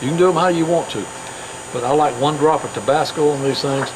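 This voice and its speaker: A man's voice: fairly high pitch, a little fast, background noise. A man from the hosting a show on his farm, talking in a chatty, rambling way with many fillers and restarts. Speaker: host. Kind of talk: casual folksy chat.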